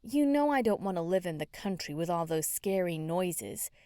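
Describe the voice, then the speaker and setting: A woman's voice: fairly low pitch, animated, normal speed, warm tone, no echo, clean studio sound, lightly acted. Woman reading an easygoing young policeman. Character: friendly young male police officer.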